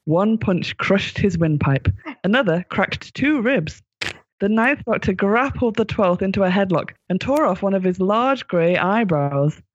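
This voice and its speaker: A man's voice: high-pitched, expressive, measured pace, dull audio, a little hiss or hum. A man reading out a gory comic fan story, giggling now and then and putting on voices.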